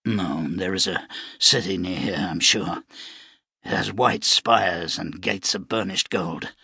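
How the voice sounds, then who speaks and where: Guy doing a stoic wounded gunslinger, deep voice, terse and grim, husky. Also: takes it slowly, pushed and bright, dry recording, clean studio sound, full character voice. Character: wounded, stoic lone gunman.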